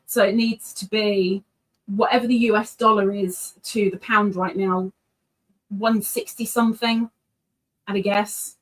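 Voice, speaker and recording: A woman's voice: mid-range voice, steady tone, unhurried, rough recording. A middle-aged woman hosting a casual livestream, chatting playfully and reading viewers' messages aloud. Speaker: livestream host.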